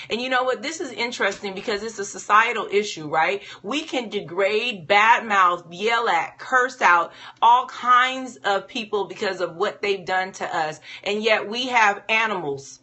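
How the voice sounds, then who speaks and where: A woman teaching a Bible lesson with lively energy, often posing questions to her listeners. Her voice is bright and forward, sitting at a mid pitch. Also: measured pace, few pauses. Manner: animated, full of rhetorical questions. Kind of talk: devotional teaching talk.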